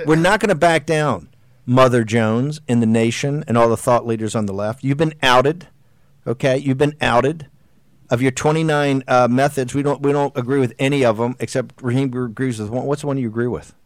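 A middle-aged man hosts a political talk show, giving a combative, exhorting monologue that rambles and restarts. His voice is medium-pitched and fairly quick, with no echo.

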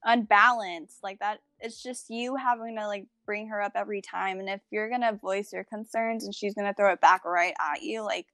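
A woman's voice: mid-range voice, steady tone, normal speed, few pauses, sharp tone, no room sound. A young woman in casual chat, talking frankly and emphatically, swearing freely.

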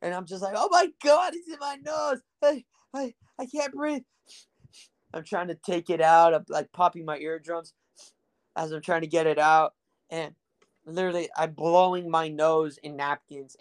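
On his casual storytelling podcast, a young man from the Rio Grande Valley in Texas rambles along, his voice a little high. He's crude and jokey, with plenty of filler words.

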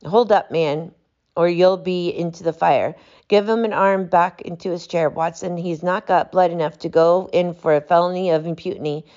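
A woman's voice: lowish voice, moderate pace, highs cut off, natural voice. A woman doing a stern, cool detective. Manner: calm, stern, incisive. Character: cool, commanding male detective.

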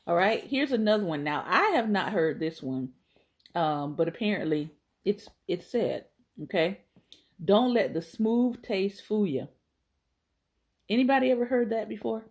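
A woman podcast host reading entries from a phrase book aloud on a live stream, laughing and adding chatty asides to her viewers. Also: on the low side.

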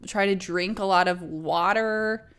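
A woman's voice: medium pitch, a little slow, a bit bright, smooth. A young woman co-hosting a podcast, chatting casually, laughing often and telling blunt, profane stories. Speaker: podcast co-host. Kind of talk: casual chat.

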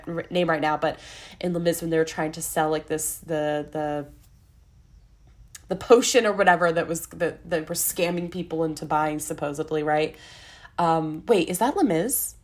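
Candid rambling woman podcaster. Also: low-pitched. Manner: candid, rambling, self-interrupting with laughs. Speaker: podcast host. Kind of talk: casual solo podcast monologue.

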